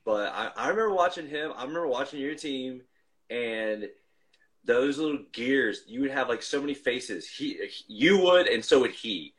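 A man's voice: medium pitch, expressive, normal speed, a bit bright, rough recording. A man chatting casually over a video call, reminiscing in a rambling way and restarting his sentences often. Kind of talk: casual chat.

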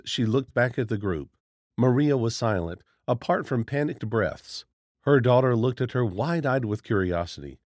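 A male narrator reading a horror tale with steady, dramatic delivery. His voice sits in a middle range, neither high nor low. The recording is dry and close, with no room sound. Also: no room sound.

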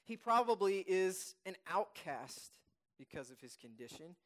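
A male pastor delivering a Sunday sermon in a slightly higher voice. He leans hard on key phrases and says them twice. When he reads scripture he slows right down and softens. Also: big pitch swings. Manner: emphatic, repeats key phrases; reads scripture slowly and softly.

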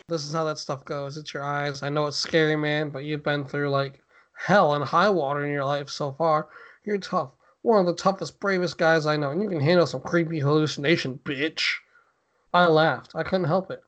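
A man reads a spooky story aloud for his podcast. His voice sits a little high, and he plays the lines with mock drama, now and then breaking off to chat and laugh. The audio is dull and lo-fi. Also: steady tone, moderate pace. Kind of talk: casual podcast story reading.

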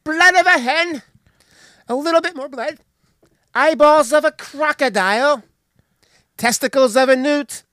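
A podcast host voicing an old witch cook who reads out gruesome ingredients in a high, slow voice. The recording sounds dry. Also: pushed and bright, dry recording. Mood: gleeful.

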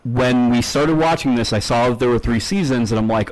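A man's voice: mid-range voice, brisk, few pauses, low-quality recording. A man co-hosting a podcast, ranting bluntly and swearing a lot in casual chat. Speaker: podcast co-host.

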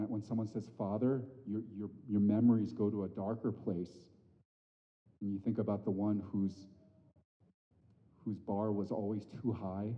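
A man in his thirties preaching a sermon, animated, rising to loud emphatic peaks and dropping to soft, hushed lines. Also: mid-range voice. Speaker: pastor. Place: church sanctuary. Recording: dull audio with long hall reverb.

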